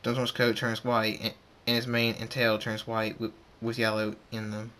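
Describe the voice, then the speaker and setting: A man's voice: lowish voice, monotone, normal speed, sharp tone. A man reading a fan story aloud in a plain way, stumbling and restarting now and then. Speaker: amateur storyteller.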